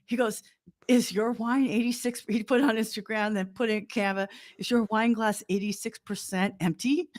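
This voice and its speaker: A woman co-hosting a casual business talk over a livestream call, telling wry, animated stories. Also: on the high side, normal speed. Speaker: podcast co-host. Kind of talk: casual chat.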